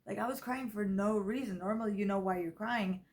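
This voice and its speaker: A woman's voice: mid-range voice, fairly quick, darkish tone. A young woman in her twenties telling a personal story in a casual vlog, rambling with lots of fillers and self-corrections, sounding tired. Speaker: vlogger. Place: grandmother's house.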